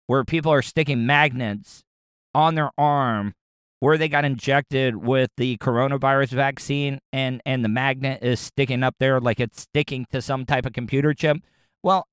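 A man's voice: a little high, a bit bright, clean tone, no echo, clean studio sound. A man from the United States rants to his viewers in a rambling, profane monologue, often stammering and repeating words. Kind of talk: ranting monologue.

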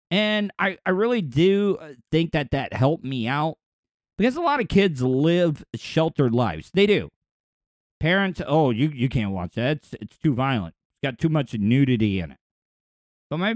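A man's voice: a little high, dry recording, clean studio sound. A man, chatting casually as a podcast host, rambling, repeating words and laughing easily. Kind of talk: casual chat.

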